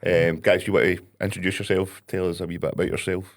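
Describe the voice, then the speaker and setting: A man's voice: low-pitched, little pitch movement, fast talker. A Scottish man hosting a podcast in casual, jokey, rambling chat. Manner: jokey, rambling, laughs often. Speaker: podcast host.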